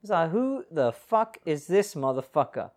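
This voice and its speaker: A man's voice: a little high, sing-song, normal speed, darkish tone. A man hosting a casual film commentary podcast, chatty and joking, swearing freely. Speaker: podcast host.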